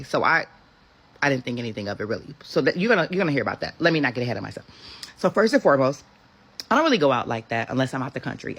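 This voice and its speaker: Sassy, husky-voiced woman telling a story. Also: rumbling low. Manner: sassy, animated retelling with voiced quotes. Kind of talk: casual storytime.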